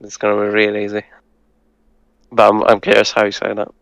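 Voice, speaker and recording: A man who speaks Hungarian natively, patiently tutoring and breaking words down slowly, with some hesitant fillers. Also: fairly low pitch, completely flat delivery, gravelly, a bit bright, dry recording, low-quality recording. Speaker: language tutor. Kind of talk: casual language lesson.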